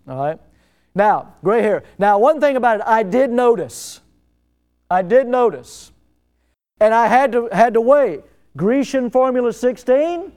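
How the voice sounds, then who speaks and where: A man's voice: high voice, a little mellow, clear, resonant tone. A middle-aged male pastor preaching a sermon, telling stories and firing rhetorical questions, often repeating words for emphasis.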